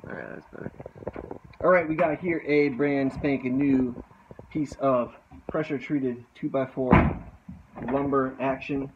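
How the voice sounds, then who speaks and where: Working under his sailboat outside, a man casually talks through the repair on a handheld phone, cracking jokes and muttering to himself. His voice is medium-pitched and unhurried with fairly even intonation, and the audio is narrow and tinny with a noisy background.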